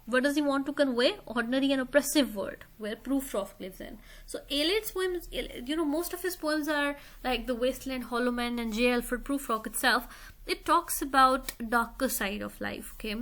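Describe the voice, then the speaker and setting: A fairly high-voiced woman teaching a recorded English lesson on how to analyze poetry. She explains each step in turn and keeps checking that her students follow along. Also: moderate pace, a bit bright.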